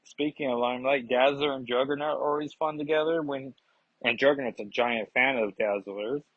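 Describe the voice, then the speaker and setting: A man's voice: medium pitch, moderate pace, no echo, lo-fi sound. A man reviewing comics in casual chat, rambling and digressive with many fillers.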